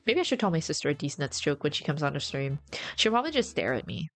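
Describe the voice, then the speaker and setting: A young woman VTuber chatting casually on a live stream, rambling and teasing, with low-quality mic sound. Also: big pitch swings, quick pace, faint music behind. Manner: rambling, repeats herself, teasing. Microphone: game chat headset mic, low sound quality.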